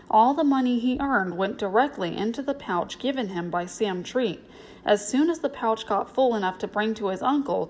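A woman reading a storybook aloud in a steady, clear narrating manner. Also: mid-range voice, rough recording. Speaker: reader.

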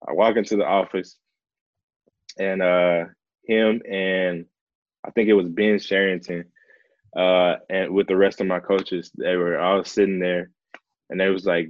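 A young man, a professional baseball player, telling a personal story in a relaxed, earnest way, leaning on "like" and "man" as he talks. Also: low-pitched, a little slow, long pauses, dry recording, highs cut off. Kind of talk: casual storytelling in conversation.

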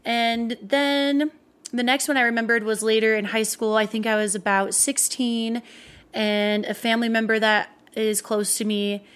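A woman's voice: fairly high pitch, flat delivery, normal speed, fairly bright tone, smooth. Frank, laughing young woman. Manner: frank, swearing, laughs easily. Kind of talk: casual chat.

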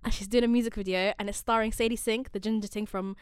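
A woman in her twenties co-hosting a podcast, chatty and gossipy in a soft-spoken way. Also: mid-range voice, steady tone, fast, clean tone, dry recording, studio quality. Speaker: podcast co-host. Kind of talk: casual chat.

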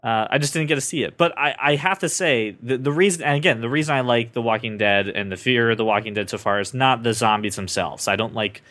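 A man hosting a casual podcast, joking around and talking in an animated, self-interrupting way. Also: mid-range voice, quick pace, hardly any pauses. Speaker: podcast host.

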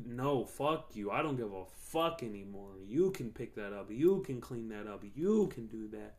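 A man's voice: mid-range voice, expressive, moderate pace, few pauses, darkish tone. Profane young man venting. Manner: heated, profane, venting about work. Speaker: podcast host. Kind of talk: casual solo rant.

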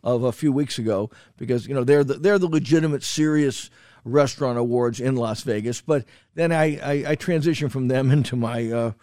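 A man co-hosting a food podcast, chatting casually and rambling through his lists with restarts and fillers. He swears for emphasis. His voice sits at a middle pitch and sounds dry and close to the mic. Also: brisk, warm tone, dry recording. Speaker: podcast co-host, food critic. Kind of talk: casual chat.

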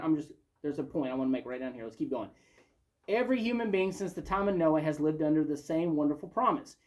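A man teaching a Bible study, reading scripture aloud and then stopping to comment on it. His delivery is conversational and unhurried, more like a chat with the group than a formal sermon. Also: fairly high pitch, a little mellow.

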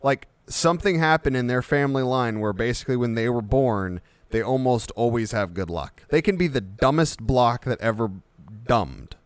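A man's voice: mid-range voice, animated, normal speed, clean tone, no room sound. A man co-hosting an unscripted chat, rambling and spinning vivid comic examples. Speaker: podcast co-host.

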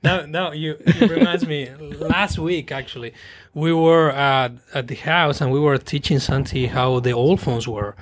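A man who is a guest on a podcast, telling stories about his family in an animated, self-mocking way with frequent laughter. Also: a little high, measured pace. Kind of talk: casual podcast chat.

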